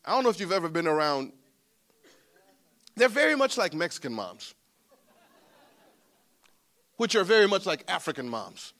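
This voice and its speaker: Male preacher, high bright voice, animated storyteller who climbs to loud emphatic preaching. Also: normal speed, long pauses. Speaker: pastor. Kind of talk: sermon with personal storytelling.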